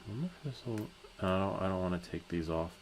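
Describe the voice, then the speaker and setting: A man's voice: low-pitched, lively intonation, fast, a little hiss or hum, low-quality recording. A man hosting a live stream, chatting casually and rambling, laughing easily.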